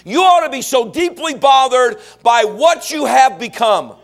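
A middle-aged man preaches a sermon in a fairly high voice. He quizzes his congregation with questions and climbs into shouted, animated stretches. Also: measured pace, faint music behind. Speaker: pastor.

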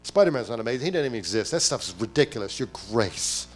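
Man, pastor, lively sermon at a church service, rhetorical questions, mid-range voice. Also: mid-range voice, fast talker, soft background music. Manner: animated preaching, acting out quoted voices.

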